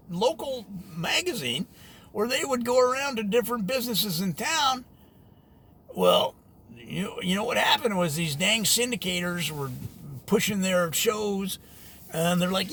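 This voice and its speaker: A man in an animated, jokey, exasperated ranting monologue about local media. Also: sits high, breathy edge. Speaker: media commentator.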